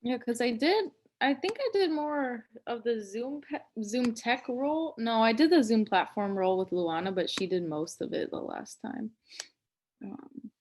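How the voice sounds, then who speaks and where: A woman's voice: on the high side, a little mellow, a little hiss or hum. A woman in a casual chat on a video call, setting up a livestream, hesitant and full of fillers and small laughs.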